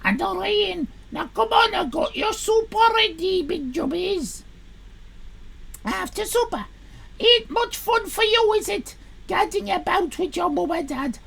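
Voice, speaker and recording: A woman voicing a cheerful, spry grandfather of eighty-one in a story game, speaking in a fond, homely and loud way. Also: very high voice, animated, unhurried, creaky, exaggerated voice.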